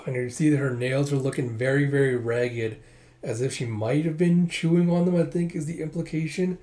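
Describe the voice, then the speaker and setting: A man casually reading through a manga aloud. He describes the panels and lightly voices the characters' lines with quick asides. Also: mid-range voice, mellow. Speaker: manga reader. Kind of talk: casual manga readthrough narration.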